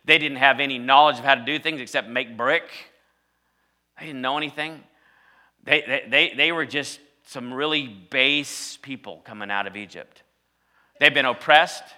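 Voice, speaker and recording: Bright-voiced preacher man telling a story. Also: medium pitch. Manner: storytelling preacher, rising to loud emphatic peaks. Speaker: pastor. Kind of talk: sermon.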